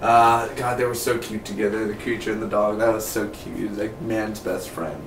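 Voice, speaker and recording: A man's voice: on the low side, a little fast. Rambling man reviewing TV in a roomy space. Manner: rambling, excitable, trails off into tangents. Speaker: TV episode reviewer. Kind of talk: casual spoken review. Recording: roomy, distant mic, faint background noise.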